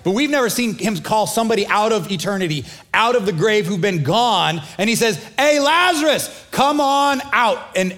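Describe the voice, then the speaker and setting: High-voiced pastor preaching casually. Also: male voice. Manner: casual, conversational preaching with acted-out dialogue. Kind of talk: sermon.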